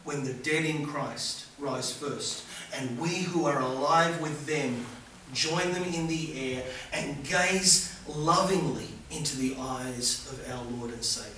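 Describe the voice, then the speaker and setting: A man preaching a sermon as a visiting preacher, moving between loud fervent appeals and hushed soft passages. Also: medium pitch, takes it slowly, slight background noise. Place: church hall. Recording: echoey church from far off.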